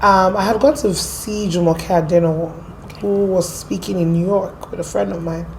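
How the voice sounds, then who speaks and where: A woman with an American accent, from Port Harcourt, telling her story as an interview guest in a lively, animated way. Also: lowish voice, normal speed, a little hiss or hum. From Port Harcourt, Nigeria. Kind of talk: casual storytelling.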